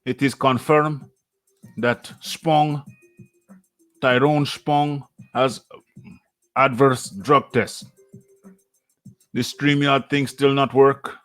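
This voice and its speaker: A man's voice: mid-range voice, steady tone, very slow, long pauses, fairly bright tone, soft background music. A man hosting a boxing talk livestream, rambling and repeating his phrases over and over. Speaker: boxing talk show host. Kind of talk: casual livestream commentary.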